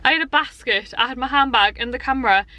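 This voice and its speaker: A woman's voice: high voice, quick pace, bright, forceful tone. A young woman chatting casually to a handheld camera in a vlog, tired and out of breath, rambling from one story to the next. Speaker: vlogger.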